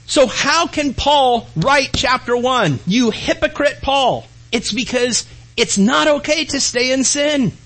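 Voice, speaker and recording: A man preaches a sermon with a husky, breathy edge. His voice sits high for a man. He swings between raised, emphatic lines and soft, hushed ones. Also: slow pace, rough recording. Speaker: pastor.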